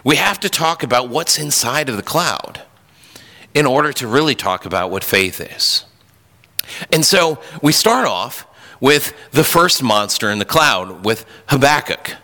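A man's voice: medium pitch, lively intonation, a little slow, bright, forceful tone. A man preaching a sermon earnestly, with frequent restarts and fillers. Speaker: pastor. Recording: hall reverb.

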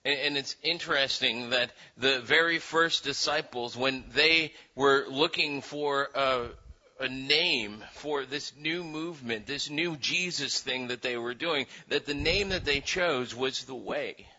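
Brief: male preacher, sermon with storytelling, repeats words, very bright tone. Lo-fi. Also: medium pitch, a little slow. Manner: animated storytelling with voiced quotes, frequent restarts.

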